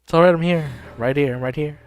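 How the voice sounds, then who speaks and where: A man doing a calm soothing woman. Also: on the high side, pitched above the performer's own voice, close to an everyday voice. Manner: soft, reassuring, slow.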